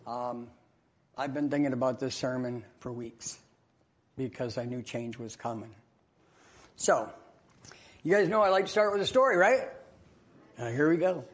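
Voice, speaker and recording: A man preaching a sermon in a church, telling a joke story and chatting with the congregation. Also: mid-range voice. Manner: conversational, laughing with the congregation. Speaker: pastor.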